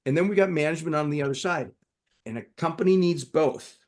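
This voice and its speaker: A man co-hosting a business podcast, talking in an animated, emphatic way with many restarts. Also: on the high side, quick pace. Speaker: podcast co-host. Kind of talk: conversational discussion.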